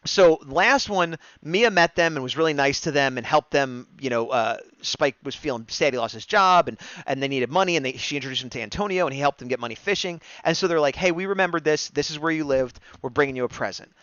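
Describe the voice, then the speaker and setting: A man co-hosting a fan discussion show, excitedly rambling through an episode recap and acting out quoted lines. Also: fairly high pitch, brisk, hardly any pauses, clear, resonant tone, no room sound. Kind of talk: casual recap chat, livestream. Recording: dull, dry, lo-fi stream mic.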